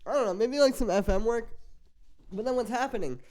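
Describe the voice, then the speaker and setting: A young music producer with a very high, slightly mellow voice talks briskly on a casual live stream. His feedback on tracks is loose and packed with filler, while faint music from the tracks plays in the background.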